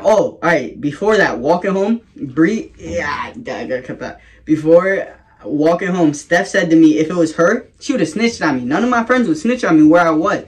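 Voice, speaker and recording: Young man vlogger, casual storyteller, slightly high voice, swears freely. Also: lively intonation, moderate pace. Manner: casual, profane, rambling with laughs.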